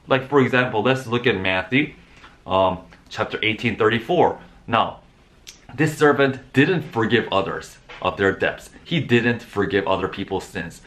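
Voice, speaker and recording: Low-voiced preacher man. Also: lively intonation, unhurried, a bit bright. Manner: repetitive restarts, rising to emphatic bursts. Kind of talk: informal sermon.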